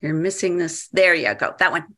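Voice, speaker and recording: A woman's voice: lowish voice, moderate pace, sharp tone. A woman in her fifties, an activist and founder, giving a workshop presentation in a chatty, hesitant way with many fillers.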